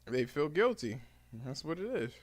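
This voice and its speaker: A man co-hosting a podcast in casual chat, loud and joking. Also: fairly high pitch, very animated, moderate pace. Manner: loud, joking, breaks into sung bits. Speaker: podcast co-host.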